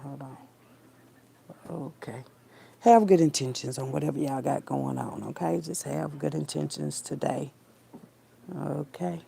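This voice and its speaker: A woman's voice: sits low, creaky, warm tone, a little hiss or hum. A woman vlogger talking casually to her viewers while braiding her hair, blunt and rambling, calling them baby and child and trailing off into mutters.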